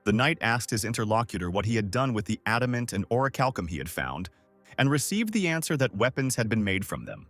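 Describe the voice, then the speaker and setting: Lively-pitched male story narrator. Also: a little fast, faint music behind. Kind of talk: scripted story recap narration.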